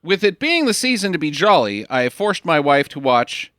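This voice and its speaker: Jokey podcast host dude, lively voice, kinda high. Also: male voice, moderate pace, dry recording, clean studio sound. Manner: upbeat, jokey. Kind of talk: casual chat.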